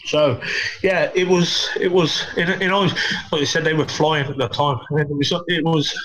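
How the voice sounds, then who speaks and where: A man's voice: a little high, steady tone, moderate pace, a bit bright, poor audio. A middle-aged man, a former footballer, telling stories casually and swearing a lot. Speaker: podcast guest, former footballer.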